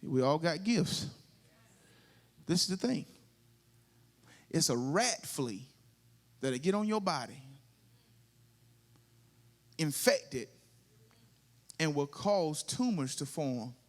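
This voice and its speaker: A man's voice: fairly high pitch, lively intonation, slow pace, long pauses. A male pastor with a Southern US accent preaching a sermon, drawing call-and-response from the congregation and building to sung, rising climaxes.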